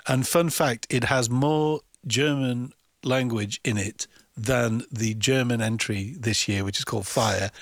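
A man's voice: medium pitch, a little slow, fairly bright tone, no room sound, clean studio sound. A man talking about music on a radio chat, knowledgeable and chatty, with an easy laugh. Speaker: music commentator.

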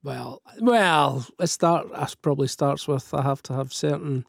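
A man's voice: mid-range voice, a little slow, gravelly, dry recording, clean studio sound. A man on radio telling a wry, rambling story about his own habits. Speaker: radio presenter. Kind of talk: live radio chat. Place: radio studio.

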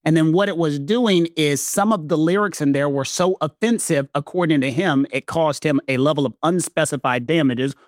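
A man, a guest expert, walks a listener through a legal case. His voice sits fairly high for a man and he speaks easily and at length. The sound is dry and close. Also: moderate pace, hardly any pauses, dry recording. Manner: relaxed, explains at length. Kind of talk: explanatory conversation.

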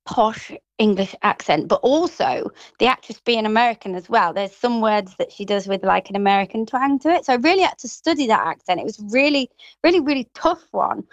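Chatty Grimsby woman, bright and quick. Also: a little high, expressive, dry recording, lo-fi sound. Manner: chatty, quick, laughs often, slips into quoted voices. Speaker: actress, interview guest. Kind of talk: casual interview chat.

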